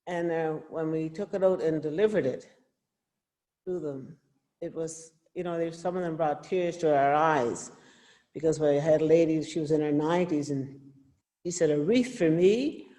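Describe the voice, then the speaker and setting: A woman's voice: deep voice, fairly even intonation, normal speed, mellow. A woman volunteer casually recounting delivering homemade wreaths, in a hesitant way. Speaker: volunteer who made wreaths. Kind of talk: casual storytelling.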